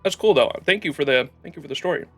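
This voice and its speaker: A man with a bright, clear tone talks loosely over a game stream and reads story text aloud, stumbling and restarting as he goes. Soft game music runs underneath. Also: fairly high pitch, expressive, fast talker. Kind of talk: casual livestream commentary and lore reading.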